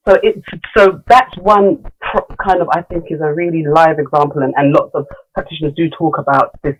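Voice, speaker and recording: A woman's voice: sits low, fairly even intonation, brisk, hardly any pauses, slightly rough, lo-fi sound. A middle-aged woman, a guest in a casual podcast conversation, talking candidly with many fillers and restarts. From London. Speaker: guest, leadership coach.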